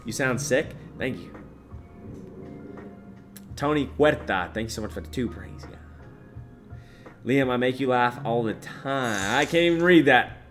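Young male streamer, casual and jokey, mutters then bursts out loud; light music bed. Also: mid-range voice, lively intonation, unhurried, pauses often. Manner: jokey, repeats a catchphrase, swings from mumbling to loud bursts. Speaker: streamer reading chat. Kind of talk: casual live-stream chat.

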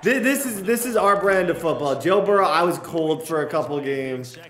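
A young man playing a football video game, reacting loudly and cheering or yelling at each play as a gaming commentator. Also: fairly high pitch, moderate pace, roomy sound. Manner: excitable, yells and cheers at plays. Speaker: gaming YouTuber.

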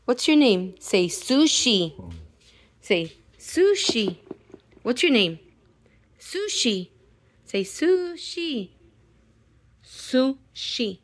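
A woman at home playfully coaxing her dog to speak into a microphone, in a sing-song, drawn-out voice. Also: a little high, very animated. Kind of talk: playful talk to a pet. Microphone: handheld microphone held near the dog.

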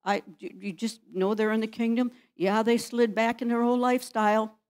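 A woman's voice: on the high side, little pitch movement, normal speed, a little mellow. A woman pastor preaching in a church, firing rhetorical questions at the congregation. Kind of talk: sermon.

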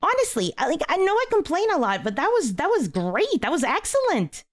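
A woman hosting a gaming channel, giving casual let's-play commentary, exasperated and swinging between high yelps and low mutters. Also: huge pitch swings, brisk.

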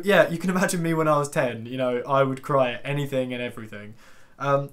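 A man's voice: mid-range voice, a bit bright. A young man in his twenties telling a self-deprecating story for his vlog, rambling with fillers and asides. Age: 20s. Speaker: YouTuber.

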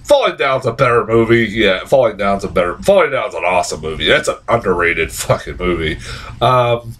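A man giving a casual, rambling spoken film review, swearing freely and leaning on "like" as filler. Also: a little fast. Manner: rambling, profane, heavy use of "like"; excitable, swings into high-pitched outbursts. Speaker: movie reviewer.

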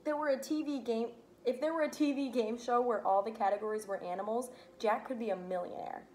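A woman's voice: on the high side, fairly even intonation, a little fast, a little mellow, a little hiss or hum, close to an everyday voice. A woman voicing a young, animal-loving girl in a storybook read-aloud, with an eager, friendly manner.

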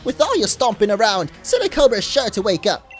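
A man voicing a rowdy young punk gang member in a game, with a put-on mixed British accent and a gruff, scolding manner. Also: sits high, big pitch swings, brisk, soft background music, pitched above the performer's own voice.

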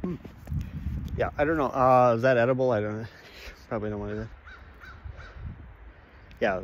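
A man's voice: medium pitch, big pitch swings. Male vlogger, walk-and-talk, meandering delivery with restarts, faint noise behind. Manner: halting, restarts, chuckles, addresses viewers as folks. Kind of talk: rambling walk-and-talk monologue. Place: outdoors on a walk among trees.

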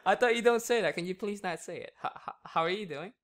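A man working as a hypnotist, talking slowly and softly through a hypnosis induction and then chatting and laughing with his subject. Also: sits high. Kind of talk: hypnosis session.

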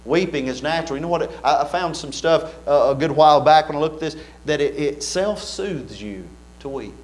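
A man's voice: fairly high pitch, fairly quick. A man preaching an earnest sermon in a church, building fervor with repeated phrases.

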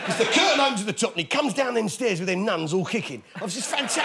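A man's voice: high voice, animated, racing, creaky, few pauses. A man hosting a comic interview in character, brash and teasing in blokey pub-landlord banter, before a studio audience. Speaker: comedy show host. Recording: studio audience laughter and noise.

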